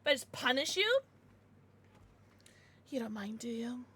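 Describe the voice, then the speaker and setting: Brief: woman game streamer, high and bouncy, shrieky, chats with viewers. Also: measured pace, slight background noise. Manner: excitable, shrieks and laughs; chatty, swears, thanks chat. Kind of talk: live gameplay commentary.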